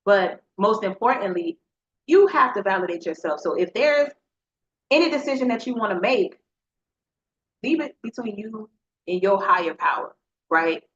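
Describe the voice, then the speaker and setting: A woman's voice: medium pitch, expressive, normal speed, long pauses. A woman hosting a motivational podcast, talking earnestly and directly to her listeners like a preacher. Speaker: podcast host. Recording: slightly dull lo-fi sound.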